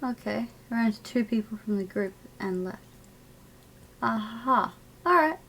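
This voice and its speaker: A woman's voice: a little high, animated, normal speed, fairly bright tone, slight background noise. A woman casually chatting and laughing while live-streaming a video game and talking to her chat.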